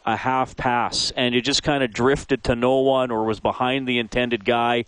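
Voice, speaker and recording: A man's voice: medium pitch, steady tone, normal speed, a bit bright, smooth, no echo. A man hosting a sports talk radio show, friendly and jokey with callers, on a studio microphone. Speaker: radio host.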